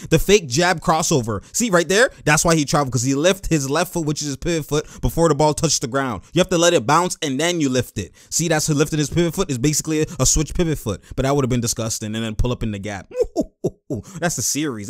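A young man hosting casual game-watching commentary, animated and full of exclamations and laughter. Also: a little high, fast talker, dry recording, studio quality. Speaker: host.

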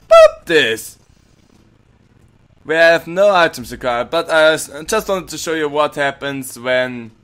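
A man giving playfully grumpy let's-play commentary, swearing and yelling strings of protests at the game. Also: a little high, clear, resonant tone. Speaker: gaming channel host.

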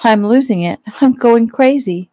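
A frightened, tearful young woman cries out in a raised, shaky voice, as a woman reading a novel puts her on. The tone stays mellow and soft-edged even when it rises. It sounds close and dry. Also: unhurried, no room sound, close to an everyday voice. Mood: distraught. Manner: high, urgent and shaky.

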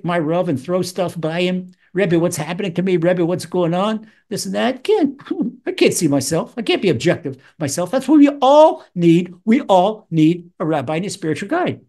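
A man teaching Psalms as a rabbi, animated, acting out voices with wide swings in pitch. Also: fairly quick, few pauses. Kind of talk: Torah lesson.

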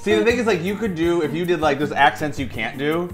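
Guy at a popcorn shop talking people thru a scene, really lively ups and downs, music going behind. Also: a little high, fast. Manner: animated, laughs often. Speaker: popcorn shop owner coaching acting. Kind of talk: casual hands-on demonstration.

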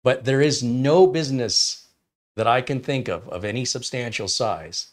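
A tech channel host chats on a live stream, telling an anecdote and laughing often in a chatty storytelling way. He speaks a little slowly at medium pitch.

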